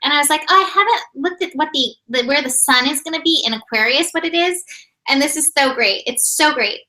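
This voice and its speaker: A woman co-hosting a casual spiritual chat, reading astrology symbols aloud with quick, agreeable enthusiasm. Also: high-pitched, pushed and bright, low-quality recording.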